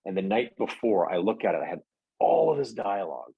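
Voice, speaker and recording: Middle-aged male actor guest, deep husky voice, rambling anecdotes, dry close sound. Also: sing-song, a little fast, no room sound, narrow, tinny audio. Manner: rambling, many fillers and restarts. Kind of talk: casual interview chat.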